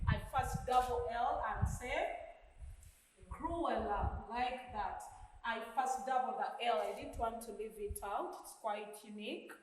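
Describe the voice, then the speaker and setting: A woman teacher giving a grammar lesson, speaking slowly and deliberately and repeating key words for her pupils. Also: on the high side, background noise. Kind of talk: recorded English grammar lesson. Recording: roomy recording with long reverb.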